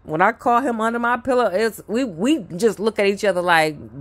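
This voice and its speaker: A woman telling a personal story in a halting, casual way, repeating herself and dropping into mutters. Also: medium pitch, animated.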